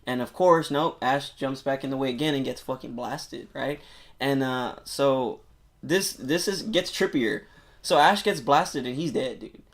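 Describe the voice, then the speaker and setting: A podcast co-host, male and medium-pitched, excitedly recaps a film's plot in loose, rambling conversation. He takes his time, packing his talk with filler words and curses.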